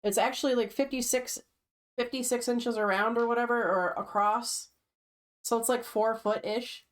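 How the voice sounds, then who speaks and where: A woman's voice: on the high side, steady tone, moderate pace. A woman chatting casually with a friend on a stream, telling stories in a matter-of-fact way. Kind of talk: casual chat.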